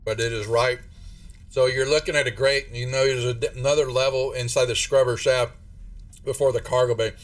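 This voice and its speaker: A man's voice: medium pitch, steady tone, fairly quick. Male game master, rambling narration with restarts, recorded from a distance with faint music behind.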